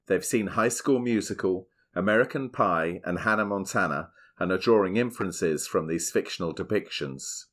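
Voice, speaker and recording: Host, middle-aged man, lowish voice, reads a prepared script in a measured way. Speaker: podcast host. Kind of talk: scripted podcast narration and family chat.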